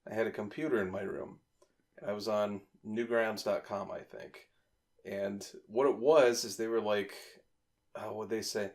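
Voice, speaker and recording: A man's voice: lowish voice, fairly even intonation, measured pace, darkish tone. A man in his twenties, a podcast host, telling a rambling, profane story in casual chat.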